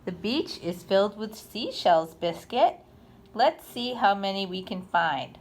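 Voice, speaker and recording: Woman reading a picture book to kids, unhurried with a lively, bouncy voice. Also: mid-range voice, faint music behind. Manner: expressive, sing-song storytime delivery. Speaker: children's book reader.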